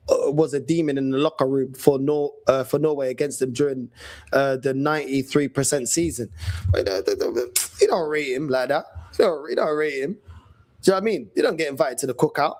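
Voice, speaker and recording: A man with a London accent ranting casually as a fan channel host, animated and mocking, full of street slang. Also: a little high. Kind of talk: casual rant.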